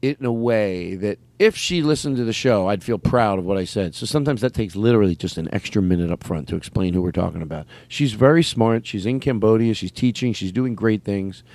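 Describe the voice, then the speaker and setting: A man hosting a casual chat, rambling and animated, with many restarts. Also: on the low side, fairly quick, few pauses, no room sound.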